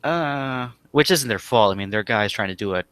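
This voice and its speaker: Low, bright-voiced young man, dry sound. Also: normal speed, clear, resonant tone, dry recording. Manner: relaxed, enthusiastic, filler-heavy. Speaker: podcast co-host. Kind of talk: casual chat.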